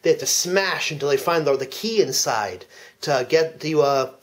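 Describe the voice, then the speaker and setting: A man with a slightly high voice narrates a made-up film plot as a mock commentary track. He talks with earnest deadpan seriousness and stumbles over his words now and then. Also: normal speed. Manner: earnest storytelling with frequent restarts. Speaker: comedic fake commentary speaker.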